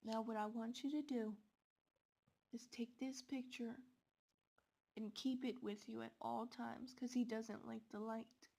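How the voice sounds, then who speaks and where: A woman telling a scary story in the first person, with slow, dramatic delivery. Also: fairly high pitch, fairly even intonation, vocal fry, mellow.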